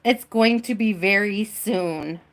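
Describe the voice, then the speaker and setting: A woman's voice: medium pitch, slow pace. A woman doing a live-stream tarot reading, chatty and giggly, talking to her viewers and to spirit, with the hiccups. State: has the hiccups. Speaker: tarot reader. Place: home reading space.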